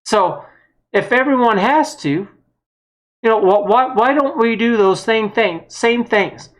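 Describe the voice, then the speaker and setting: A woman's voice: a little high, measured pace. A woman giving a blunt, heated political opinion monologue, with some mild swearing. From United States. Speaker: vlogger.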